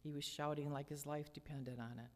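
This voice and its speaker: An older woman reading her personal memoir aloud at a lectern, with measured, dramatic storytelling. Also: sits low, fairly even intonation. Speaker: memoir reader. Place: church hall lectern. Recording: long church hall reverb.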